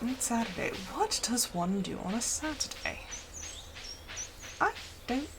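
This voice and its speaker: A young woman chats casually through a gaming live stream in a slightly high voice. Her chatter is playful and easygoing, and she drifts into animated little stories as she plays. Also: normal speed, vocal fry, noisy background.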